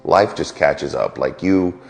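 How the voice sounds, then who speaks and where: A man in his forties from New York, a military veteran, speaking candidly and reflectively about his life, often pausing and restarting. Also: rumbling low, animated, creaky, darkish tone, soft background music. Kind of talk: personal testimony.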